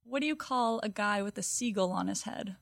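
A young woman from Southern California, a guest on a podcast, chatting playfully and joking deadpan. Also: medium pitch, brisk, vocal fry, no echo, clean studio sound. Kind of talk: casual chat.

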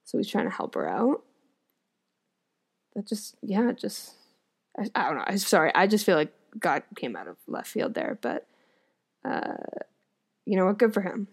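A woman's voice: mid-range voice, sing-song, moderate pace, creaky, pauses often, husky. A woman reading a fairy tale aloud and stopping often to muse about the story in chatty asides. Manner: chatty, musing asides between passages. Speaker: audiobook reader.

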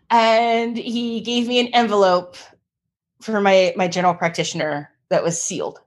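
A woman's voice: medium pitch, steady tone, moderate pace. A woman artist in her thirties telling her story in an interview, acting out the people she quotes and laughing often. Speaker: guest artist.

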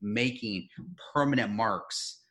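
A man's voice: fairly low pitch, takes it slowly, sharp tone. A man hosting an interview podcast who speaks in an earnest, enthusiastic way and repeats his phrases. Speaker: podcast host.

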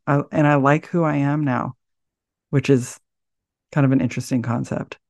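A middle-aged woman speaking as a podcast guest, thoughtful and soft-spoken, often pausing to search for words. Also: very deep voice, fairly even intonation, no echo. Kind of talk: reflective interview talk.

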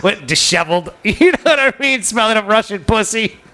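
A man's voice: sits high, expressive, brisk, pushed and bright. A man hosting a casual comedy podcast, telling crude stories in a loose, rambling way full of fillers. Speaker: podcast host.

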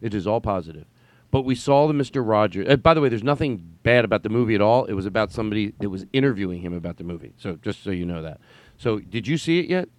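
A podcast host chats casually in a rambling, emphatic way, swearing now and then. His voice is on the low side with lively intonation and a fast pace, and there's no room sound.

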